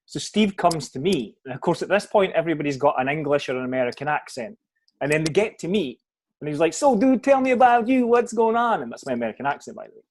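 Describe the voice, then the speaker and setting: A man's voice: fairly high pitch, slightly rough. Chatty male podcast host. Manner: chatty, jokey, quick to interject. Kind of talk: casual podcast interview.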